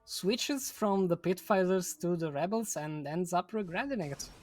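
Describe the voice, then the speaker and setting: A woman co-casting a live esports tournament, adding relaxed, giggly analysis of plays and strategy. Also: lowish voice, unhurried, faint music behind. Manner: laid-back, giggly, analytical asides. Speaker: co-caster. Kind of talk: live esports color commentary.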